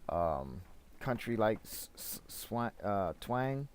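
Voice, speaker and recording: A man from Florida streams a video game and chats through it in a loose, rambling way, stopping often on filler words. His voice sits low, and a faint hiss of noise runs under the recording. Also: sing-song, takes it slowly. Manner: rambling, chatty, many fillers. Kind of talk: casual gameplay commentary.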